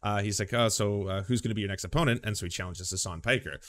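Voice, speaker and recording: A man's voice: lowish voice, fast talker, slight background noise. A man hosting casual political commentary in a sarcastic, mocking way. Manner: sarcastic, mocking impressions of others.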